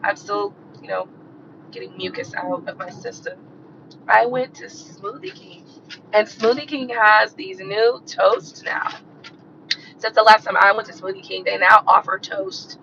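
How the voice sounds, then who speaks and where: A woman hosting a live stream who rants bluntly and profanely and repeats herself for emphasis, her voice hoarse and coughing from a cold. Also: mid-range voice, a little slow, dull audio, noisy background. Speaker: tarot reader hosting a livestream.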